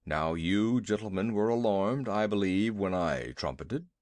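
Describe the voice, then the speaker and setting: A man's voice: lowish voice, animated, measured pace, a little mellow, no room sound, pitched below the performer's own voice. A man voicing a huge, timid, fussy male elephant that blusters and grumbles. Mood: pompous.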